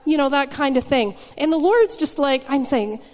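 A woman's voice: high-pitched, animated, normal speed, in a large hall. A woman giving a casual spoken sermon, telling personal stories in a chatty way with frequent restarts. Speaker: church speaker.

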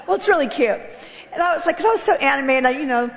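A woman giving a candid, animated church testimony, laughing often as she speaks. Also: high voice, quick pace, long reverb tail. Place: church hall.

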